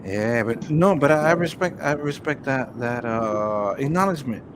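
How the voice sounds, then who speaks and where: A man's voice: mid-range voice, lively intonation, normal speed, background noise. Profane, rambling man telling street stories. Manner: profane, rambling storyteller with constant "you know what I'm saying". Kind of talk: casual chat.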